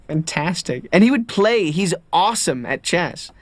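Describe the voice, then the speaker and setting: A film actor telling enthusiastic anecdotes in an interview. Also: male voice, high voice, normal speed, few pauses. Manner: enthusiastic, expressive.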